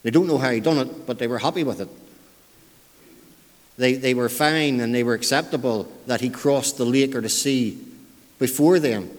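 A man's voice: mid-range voice, in a large hall. A man preaching a sermon in a church, speaking conversationally and often repeating himself. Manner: conversational, repeats words, dialect grammar.

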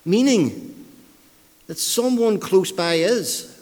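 A man's voice: a little high, animated, moderate pace, a little mellow. Emphatic male preacher in a reverberant hall. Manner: emphatic, repeats key phrases for stress. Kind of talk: sermon.

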